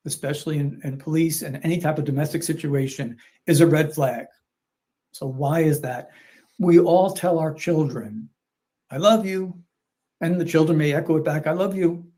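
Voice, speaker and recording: An older man with grandchildren, giving a measured, lecturing explanation and repeating his key points. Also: on the high side, a little mellow. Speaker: commentator on video. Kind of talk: explanatory commentary.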